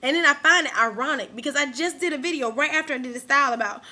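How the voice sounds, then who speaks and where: A woman's voice: high-pitched, fast, pushed and bright. A young woman vlogging an angry rant to her camera, emphatic and repeating herself.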